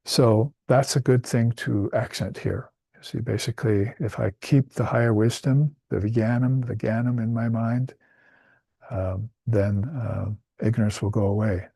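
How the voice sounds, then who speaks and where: A man's voice: medium pitch, fairly even intonation, a little slow, gravelly, mellow, slightly rough, no echo. A man giving a spiritual talk as a teacher, explaining Sanskrit terms with fillers and restarts along the way.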